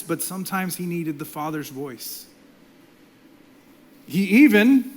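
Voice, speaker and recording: A middle-aged male pastor preaches a sermon in a voice that sits high, swinging between loud, impassioned lines and hushed whispers.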